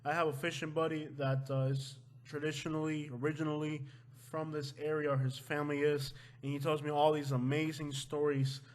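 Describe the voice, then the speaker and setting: A man from Florida hosting a casual vlog, talking loosely and breaking into loud joking outbursts at home. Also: a little high, flat delivery, fairly quick. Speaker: vlog host. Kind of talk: casual chat. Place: at home with his wife.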